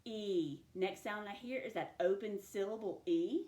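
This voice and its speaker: A woman teacher giving a recorded spelling dictation lesson, slowly sounding out each letter and sound. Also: mid-range voice, warm tone. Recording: echoey room.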